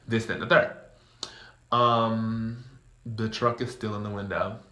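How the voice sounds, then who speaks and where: A young man, casually telling a storytime tale, acting out voices in high squeals. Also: a bit bright, reverberant.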